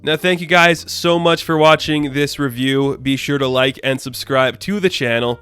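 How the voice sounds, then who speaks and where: A man's voice: medium pitch, normal speed, bright, forceful tone, clear, resonant tone, no room sound, faint music behind. Sarcastic man ranting a review. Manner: sarcastic, exasperated. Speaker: comic book reviewer.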